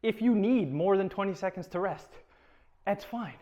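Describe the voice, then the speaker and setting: A man's voice: high-pitched, animated, normal speed, mellow. A man talking through a home workout as a fitness instructor, chatty and encouraging, a little out of breath. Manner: chatty, encouraging, self-deprecating.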